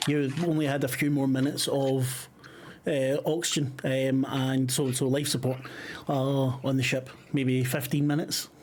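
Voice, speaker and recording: A man narrating a tabletop horror game as game master, halting and full of fillers. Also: medium pitch, level tone, a little mellow.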